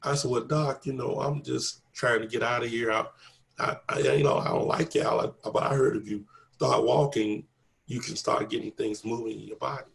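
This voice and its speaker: A man with a steady, creaky, medium-pitched voice talks at normal speed while telling his story in an interview. In a conversational way he acts out the dialogue, repeating "I said" and "he said," his testimony earnest and grounded in faith.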